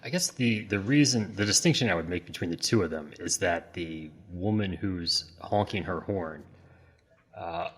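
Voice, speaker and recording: A man joins a comedy podcast as its legal correspondent and explains the law in a measured way, hedging and restarting as he goes. His voice is low and husky. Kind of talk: casual comedic podcast chat.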